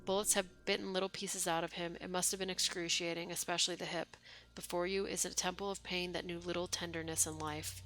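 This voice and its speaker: A woman streamer at home reads a game's lines aloud in a deadpan voice and breaks off for wry, swearing asides. Her voice is bright and forceful, pitched a little low. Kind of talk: reading game text aloud with casual commentary.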